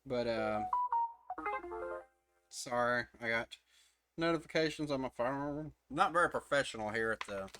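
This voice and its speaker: Streaming from his room, a man reviews a manga chapter in a loose, profane ramble packed with fillers and restarts. His mid-range voice sounds bright and forceful.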